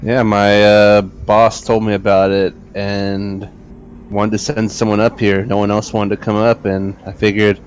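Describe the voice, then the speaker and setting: A man playing an investigator in a tabletop role-playing game, speaking slowly with pauses and fillers. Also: on the low side, level tone. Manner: slow, halting, with fillers. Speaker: player. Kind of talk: in-character tabletop role-play. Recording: noisy voice chat.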